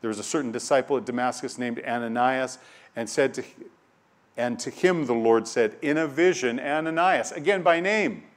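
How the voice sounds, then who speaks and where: A man delivering a sermon from scripture, his voice sitting at an ordinary middle pitch. He drops to near-hushed reflection, then climbs into loud, emphatic declarations. He often repeats a phrase for weight. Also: moderate pace. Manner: dynamic preaching, swinging from hushed to loud and emphatic; reads scripture aloud, repeating key phrases. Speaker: preacher.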